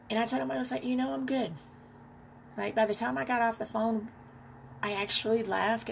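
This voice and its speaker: A woman podcast host telling a personal story, candid and reflective, in an unhurried way with pauses. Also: medium pitch, vocal fry, a little hiss or hum.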